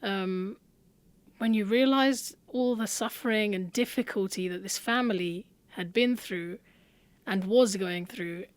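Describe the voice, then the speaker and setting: A woman podcast host who speaks very slowly and gently as she builds a thoughtful question. Her voice is close and dry, with no room echo. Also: medium pitch. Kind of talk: interview question.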